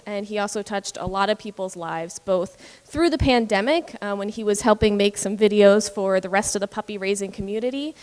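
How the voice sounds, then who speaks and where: Woman puppy raiser, earnest and thankful, mid pitch. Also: clear, resonant tone. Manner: warm, earnest and grateful. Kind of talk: prepared thank-you remarks.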